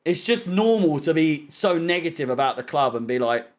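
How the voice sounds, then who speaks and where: A man's voice: fairly high pitch, expressive, normal speed. A young man doing live football watch-along commentary, ranting in frustration, swearing and sarcastic. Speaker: fan channel co-host.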